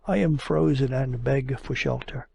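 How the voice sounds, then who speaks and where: A man's voice: medium pitch, measured pace, vocal fry, darkish tone, husky, full character voice. A man voicing a timid yet capricious young woman in an audiobook, pleading and coaxing. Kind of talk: audiobook character reading.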